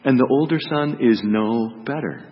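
A man's voice: medium pitch, unhurried, big-room sound, dull audio, slight background noise. A man reading a gospel story aloud as a priest and then preaching on it, voicing its characters dramatically.

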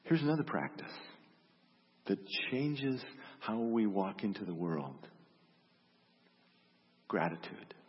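Low husky-voiced man preaching a sermon. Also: sing-song, takes it slowly, long pauses, big-room sound, lo-fi sound. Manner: reflective, storytelling, repeats questions. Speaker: pastor.

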